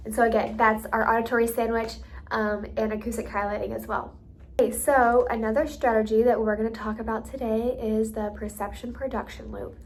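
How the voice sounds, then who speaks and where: A woman's voice: fairly high pitch, little pitch movement, brisk. A woman teaching speech and listening strategies in a casual, explanatory way, with many ums and you-knows. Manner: chatty, many fillers like um and you know. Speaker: hearing therapy educator. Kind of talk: instructional explanation with modeled examples.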